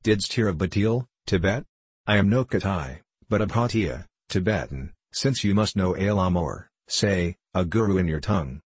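A man voicing an old, gentle Tibetan lama who speaks in slow, formal, archaic phrases. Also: deep voice, breathy edge, no echo.

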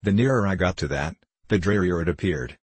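A man reading a novel aloud as a steady, measured narrator. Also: deep voice, husky, no echo. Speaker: audiobook narrator. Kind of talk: scripted narration.

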